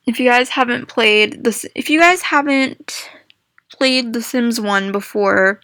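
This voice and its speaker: A young woman talks to her viewers in an unhurried, rambling way, circling back over her own phrases and breaking into excited exclamations. Her voice is bright and sits a little high, recorded close and dry with no room sound. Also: dry recording. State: hiccups. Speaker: gaming vlogger. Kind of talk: casual chat to viewers.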